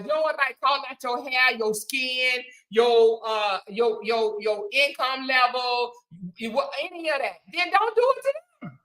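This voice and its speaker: A woman hosting a casual livestream, speaking in a bright, forceful voice set a little high. She hammers her points home by repeating them, then turns to thanking viewers one by one. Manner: emphatic, repeats phrases, preachy then affectionate. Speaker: livestream host. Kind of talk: casual livestream chat reading super chats.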